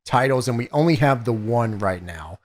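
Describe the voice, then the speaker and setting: A man co-hosting a podcast, casually walking through a wrestling show's events in a relaxed, plain way. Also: medium pitch, normal speed. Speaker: podcast co-host. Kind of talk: casual recap narration.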